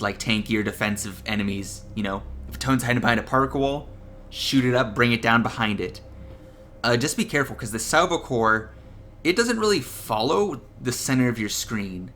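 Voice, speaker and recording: A man's voice: mid-range voice, pushed and bright. A young man giving casual, profane gameplay tips as a voice-over, laughing at his own jokes. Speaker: gaming video creator.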